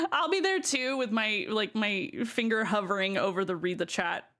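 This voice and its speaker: A woman with a Southern American accent, chatting casually with her live stream viewers while she plays, giggling often and greeting newcomers brightly. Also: mid-range voice, moderate pace. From Southern United States.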